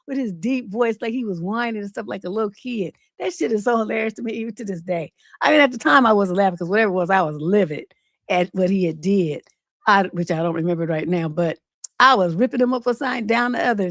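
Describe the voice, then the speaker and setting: A woman's voice: medium pitch, fairly quick, gravelly, no echo, clean studio sound. A woman relationship coach hosting an unscripted advice livestream, telling stories bluntly and with plenty of profanity. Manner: blunt, profane, animated storytelling.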